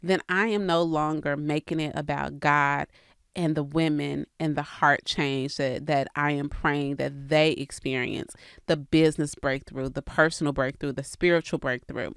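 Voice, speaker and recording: A woman's voice: deep voice, steady tone, moderate pace, gravelly, a bit bright, smooth, no room sound. A woman, speaking in a candid, faith-filled podcast monologue straight to her listeners. The sound is dry and close, with no room around it. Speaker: real estate coach and podcast host.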